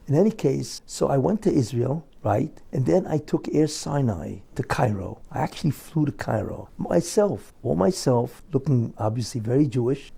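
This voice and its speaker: Gravelly, dark-voiced American man storytelling. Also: mid-range voice. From United States. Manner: animated storyteller who acts out others' voices. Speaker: speaker recounting a personal journey. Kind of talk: personal storytelling monologue.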